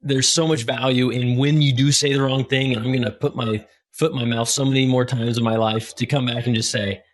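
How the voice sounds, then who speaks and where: A man's voice: mid-range voice, fairly even intonation, brisk. A man hosting a podcast interview, chatting casually and animatedly, acting out quoted voices as he talks. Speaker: podcast host.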